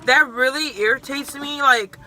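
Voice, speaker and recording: A woman's voice: high-pitched, sharp tone. A young adult woman in casual chat who keeps jumping in with her own work stories and quotes her customers. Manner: chatty, quick to jump in, quotes customers. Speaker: guest and sandwich shop worker. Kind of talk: casual chat while eating.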